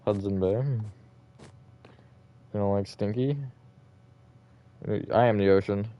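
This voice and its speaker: A man's voice: lowish voice, fairly even intonation, takes it slowly, warm tone, clear, resonant tone. A man streaming a building game live, chatting casually and reacting to viewer comments. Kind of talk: live gaming stream chat.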